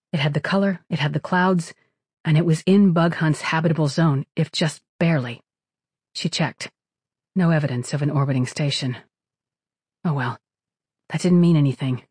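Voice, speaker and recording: A narrator reading a science fiction novel in steady, even scripted narration. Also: mid-range voice, breathy edge, no room sound, studio quality. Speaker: audiobook narrator.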